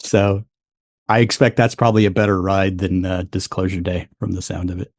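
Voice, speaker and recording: A man's voice: sits low, flat delivery, a little fast, darkish tone, no room sound, clean studio sound. A man co-hosting a podcast in casual chat, teasing, swearing freely and laughing often. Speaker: podcast co-host.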